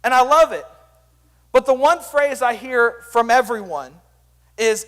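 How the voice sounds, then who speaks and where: Young man, youth pastor, very high voice, lively joking sermon, long hall reverb. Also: normal speed. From Sand Springs area, US. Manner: energetic, joking storyteller.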